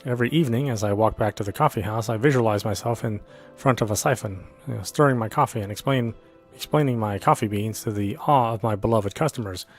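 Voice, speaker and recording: A man's voice: lowish voice, quick pace. A man reading a visual novel aloud in an earnest first-person narration. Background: faint background music.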